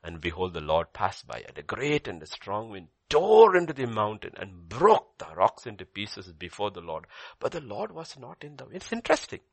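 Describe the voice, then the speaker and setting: An older male pastor delivers a sermon in a low, gravelly voice that moves over a wide, lively range. He swings from loud emphasis down to soft near-whispers and repeats key phrases. The sound is husky and dry, close and without room echo. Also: moderate pace, hardly any pauses.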